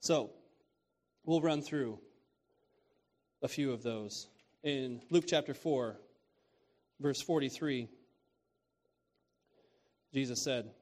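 A man's voice: medium pitch, takes it slowly, long pauses, darkish tone. A man preaching a sermon on scripture in a casual, conversational way, repeating key phrases and often asking "right?".

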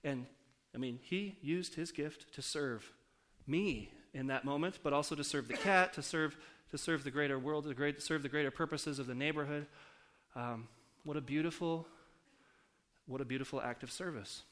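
A man's voice: on the high side, normal speed, a bit bright. Conversational man preaching a sermon. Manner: conversational, asks the audience questions. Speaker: pastor. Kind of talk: sermon with storytelling.

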